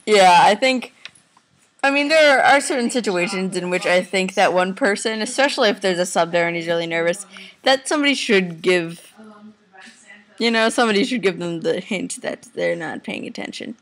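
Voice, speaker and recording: A teenage girl chatting casually to her webcam while lying on a couch at home, rambling and giggling. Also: mid-range voice. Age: teens. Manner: rambling, giggly, talks to viewers and family off camera. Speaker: vlogger. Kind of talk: casual chatty video reply.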